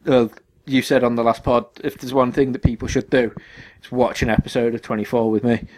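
A young man co-hosting a podcast in casual chat, excitable and rambling, with many restarts and fillers. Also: medium pitch, brisk, rough recording. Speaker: podcast co-host.

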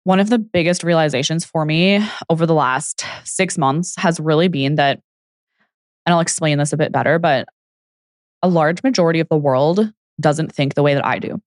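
In a solo podcast monologue, this fitness coach, a young adult woman, chats easily, says "like" constantly, and acts out the people she quotes. Her low voice moves at a moderate pace, captured dry in clean studio sound.

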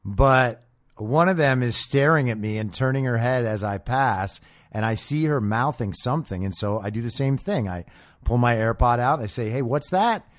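A man's voice: mid-range voice, expressive, normal speed, dry recording, studio quality. A man hosting a political commentary show, talking in a blunt, sarcastic and profane way. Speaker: host.

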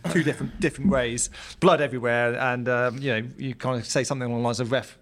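A man talks quickly as he recalls an old rugby match. He is a former player on a casual podcast. His speech is halting and full of fillers. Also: medium pitch, steady tone. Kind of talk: casual storytelling.

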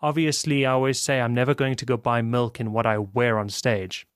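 A young South African man, a band frontman, chatting on a podcast in a calm, very relaxed way. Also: medium pitch, a little fast, clear, resonant tone, no room sound, studio quality. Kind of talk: casual podcast chat.

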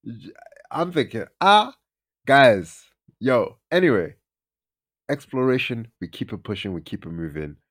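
A man's voice: on the low side, sing-song, normal speed, breathy edge. A young man, casually telling a story on a podcast and acting out his friends' lines in raised voices. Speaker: podcast host.

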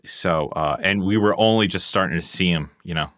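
Podcast co-host, lowish bright male voice, irreverent jokes, dry close mic. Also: moderate pace, no echo. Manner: joking, irreverent. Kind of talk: casual chat.

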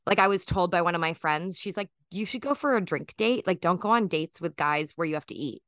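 A woman's voice: on the low side, fast talker, few pauses, a bit bright, no echo, clean studio sound. A woman in her thirties, a guest chatting casually in an interview, rambling with lots of fillers and restarts.

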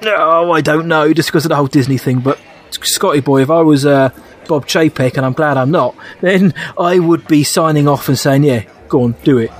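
A man's voice: on the high side, moderate pace. A man co-hosting a podcast in casual, enthusiastic chat, often laughing. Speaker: podcast co-host.

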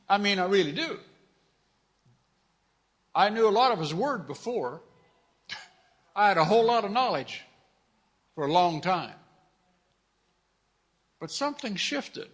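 A man's voice: high-pitched, sing-song, a little slow, long pauses, a bit bright, husky. A middle-aged man preaching a fervent sermon as pastor, repeating his phrases and calling out hallelujahs. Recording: long reverb of a large hall.

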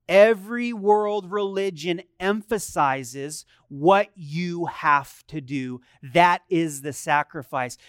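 A man's voice: a little high, smooth, no echo, studio quality. A middle-aged male pastor preaching a sermon in a conversational way, often asking his listeners questions. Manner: conversational, asks the congregation questions.

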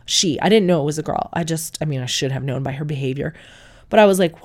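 A woman with a notably low voice tells a story straight to camera in a frank, chatty way. She swears casually and laughs often as she talks. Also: normal speed. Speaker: mother telling her birth story.

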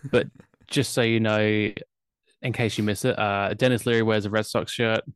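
A man's voice: on the low side, fairly even intonation, moderate pace, clean tone, no room sound. A man with an Australian accent, co-hosting a podcast and recapping a film in casual chat with dry humor. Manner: chatty, wry film recaps with filler ums. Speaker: podcast co-host.

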